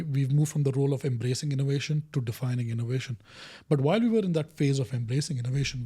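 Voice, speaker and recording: A middle-aged man, appearing as a guest and working as an innovation director, tells a story during an interview. He is an animated storyteller who acts out the quoted dialogue, speaking in a mid-range voice with a breathy edge.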